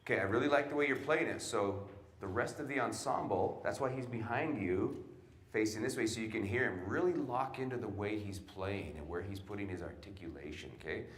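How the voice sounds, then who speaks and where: Man coaching a band, scatting rhythms. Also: lowish voice. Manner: scats rhythms between brisk instructions. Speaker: jazz clinician. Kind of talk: coaching a student jazz band. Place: large concert hall. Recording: roomy hall with band behind.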